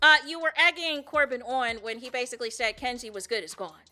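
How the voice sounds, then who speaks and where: A woman hosting a podcast, recapping a reality show in an animated way and acting out what people said. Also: fairly high pitch, brisk, faint music behind. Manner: animated storyteller, acts out quotes, often says "you know what I'm saying". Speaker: podcast host.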